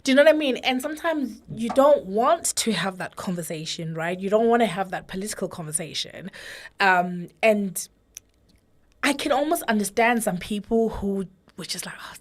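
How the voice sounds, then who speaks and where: A woman's voice: mid-range voice, animated, normal speed. A woman from Zimbabwe, co-hosting a podcast, telling a long story in casual chat and checking in with "right?" and "you know". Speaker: podcast co-host.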